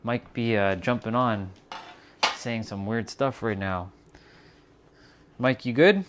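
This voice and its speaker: A man's voice: medium pitch, takes it slowly, a little hiss or hum. A man hosting a livestream, talking casually and reflectively to his chat about spiritual ideas while cooking in his kitchen, with fillers and restarts. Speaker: livestream host. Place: home kitchen.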